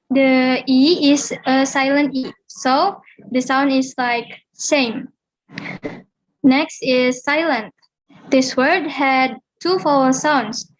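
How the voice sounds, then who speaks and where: Slow, high-voiced student woman. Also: rough recording. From Indonesia. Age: young adult. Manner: halting, careful reading with restarts. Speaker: student presenter. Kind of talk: reading a phonetics lesson.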